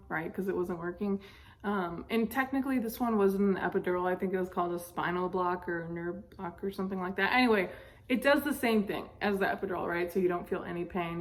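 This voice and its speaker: A young woman vlogger casually telling a personal story, chatty with lots of fillers. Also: mid-range voice. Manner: chatty, many fillers, laughs while telling.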